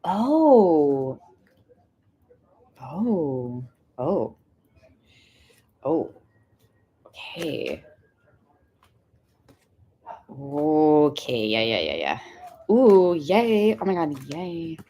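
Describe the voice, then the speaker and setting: A young woman hosts a casual tarot livestream and talks straight to her viewers. Her voice sits a little low for a woman. She is chatty and excitable and fills her talk with "like.". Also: drawn-out words, pauses often, slight background noise. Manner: chatty, excitable, says "like" a lot. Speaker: tarot reader hosting a livestream.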